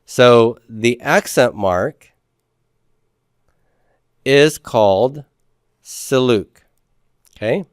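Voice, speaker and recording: A man's voice: lowish voice, clean tone, dry recording, clean studio sound. Man teaching a Hebrew grammar class. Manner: explains step by step, asks the class questions and answers them. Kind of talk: classroom lecture.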